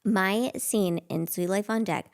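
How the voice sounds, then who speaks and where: A woman in her thirties, there as a guest actress, unhurriedly tells wandering stories in a casual chat, her speech full of fillers like "like." She has a mid-range voice.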